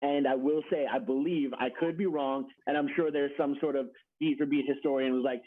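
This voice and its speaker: A man's voice: on the high side, a little fast, few pauses. A man hosting a casual chat on a video call, friendly and rambling, laughing easily. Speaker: host. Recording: tinny phone-like call audio.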